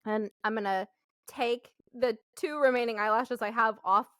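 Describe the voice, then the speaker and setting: High-voiced woman telling stories with lots of swearing. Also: moderate pace, clean tone, no room sound. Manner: animated, profanity-laced storytelling with frequent laughter. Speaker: podcast co-host. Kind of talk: casual chat.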